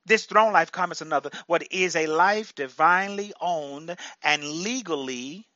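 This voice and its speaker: A man preaching in a slow, deliberate sermon cadence with a bright, slightly high voice. He repeats his lines for emphasis and swings between quiet stretches and sudden loud bursts. The sound is dry and a little muffled. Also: no echo.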